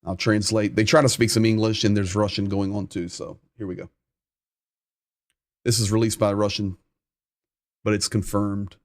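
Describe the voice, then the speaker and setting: Guy doing a live war update, lowish voice, dry mic, keeps repeating stuff for emphasis. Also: flat delivery, normal speed, long pauses, no room sound. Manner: emphatic, repeats phrases for stress. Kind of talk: live commentary and translation.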